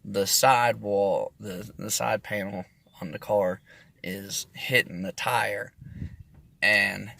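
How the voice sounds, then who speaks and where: A man's voice: fairly low pitch, fairly even intonation, takes it slowly, gravelly, sharp tone. A man telling a rambling, profane story in a casual, self-interrupting way.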